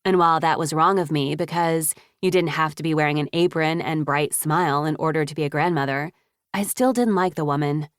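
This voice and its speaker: A woman reading a first-person audiobook, in a measured, even way. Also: low-pitched, no room sound, studio quality. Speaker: audiobook narrator.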